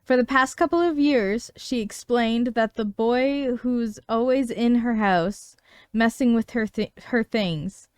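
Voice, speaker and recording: Smooth-voiced woman podcast host. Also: a little high, slow pace, no echo, studio quality. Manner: storytelling with frequent laughs. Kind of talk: casual chat reading a listener story.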